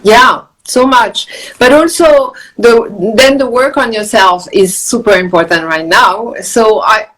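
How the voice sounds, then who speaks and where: A woman's voice: a little high, measured pace, fairly bright tone, rough recording. French lady on a video call, earnest and flowing, repeats herself a lot. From France. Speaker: guest, wellness author. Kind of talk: casual video chat on meditation. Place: countryside home.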